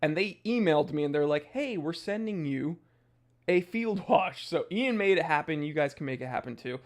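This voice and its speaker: A young man hosting a casual livestream, reading viewer comments aloud in a goofy, jokey way with sudden loud outbursts. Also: fairly high pitch, lively intonation, normal speed. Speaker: watch channel host.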